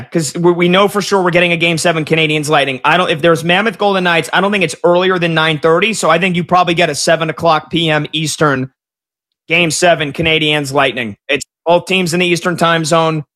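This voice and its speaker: A man hosts a live sports talk show, recapping game results as they break. His voice sits high and rings bright and forceful. He reacts with quick excitement. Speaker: sports betting show host.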